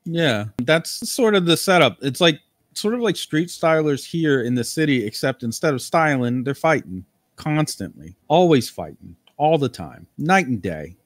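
A man narrating a tabletop game as game master, casual and quick, with swearing. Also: fairly high pitch, expressive, no echo, studio quality.

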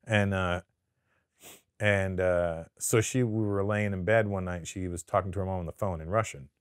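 A man's voice: low voice, normal speed, clear, resonant tone, no echo, clean studio sound. A comedian from Canada telling stories in a casual sit-down interview, swearing freely and acting out the people he quotes. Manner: profane, animated storyteller who acts out quotes. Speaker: guest comedian.

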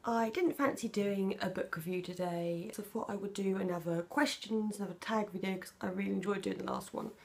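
A young British woman vlogger reads personal questions aloud in a casual tag video and answers them frankly. Her medium-pitched voice moves briskly with few pauses, chatty overall but softening when she gets emotional.

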